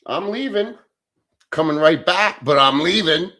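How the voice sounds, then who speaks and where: A man's voice: on the high side, expressive, a little slow, sharp tone. Blunt, profane man streaming. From Philadelphia, USA. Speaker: livestream host. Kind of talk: casual livestream chat reading comments.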